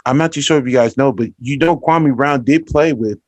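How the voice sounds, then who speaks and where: A man's voice: medium pitch, a little fast, dry recording. A man co-hosting a podcast, talking casually and leaning on "you know" fillers. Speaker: podcast co-host. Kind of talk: casual chat.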